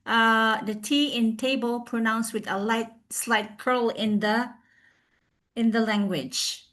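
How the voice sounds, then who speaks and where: A woman giving a recorded presentation over a video call. She speaks with many fillers and restarts, and she slowly sounds out example pronunciations. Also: mid-range voice, a bit bright. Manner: hesitant, with frequent fillers and restarts.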